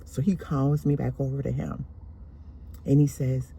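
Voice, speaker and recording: A woman slowly and deliberately telling a painful personal story from her childhood. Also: a bass voice, steady tone, vocal fry, dark tone, slightly rough, muffled recording. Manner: slow, deliberate, emotional retelling.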